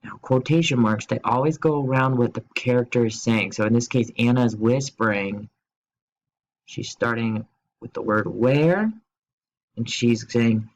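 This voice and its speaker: A man's voice: medium pitch, poor audio. Playful man teaching a grammar lesson. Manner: playful, asks quiz questions and jokes; slow, spelled-out explanations. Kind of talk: recorded remote grammar lesson.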